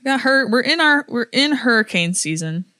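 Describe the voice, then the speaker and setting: A woman's voice: a little high, sing-song, normal speed, pushed and bright, no room sound, clean studio sound. A young woman from Florida, co-hosting a podcast and telling stories casually, with lots of fillers and laughter. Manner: chatty storyteller with many fillers and laughs. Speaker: podcast co-host. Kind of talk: casual chat.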